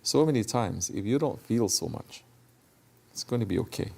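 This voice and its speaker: Low gravelly man giving a Sufi talk. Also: animated, moderate pace, darkish tone. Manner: conversational, asks listeners questions, searches for words. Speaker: Sufi teacher. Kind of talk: sermon.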